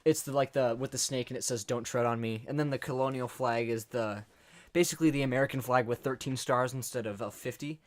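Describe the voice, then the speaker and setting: A man's voice: mid-range voice, fairly even intonation, fairly quick. A young man co-hosting a podcast, telling a story in casual chat and acting out the people in it. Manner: rambling storyteller, acts out quotes. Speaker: podcast co-host.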